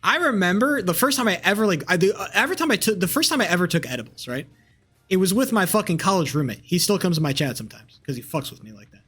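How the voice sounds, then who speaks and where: A man's voice: sits high, animated, fast, bright, forceful tone, breathy edge, soft background music. Rambling crude young male streamer. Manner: rambling, crude, many fillers and restarts. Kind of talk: casual rambling stream chat.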